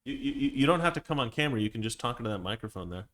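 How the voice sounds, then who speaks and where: A man's voice: medium pitch, animated, very fast, fairly bright tone. Rambling male live-stream host. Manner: conversational, frequent restarts and fillers. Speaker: live-stream host reading viewer comments.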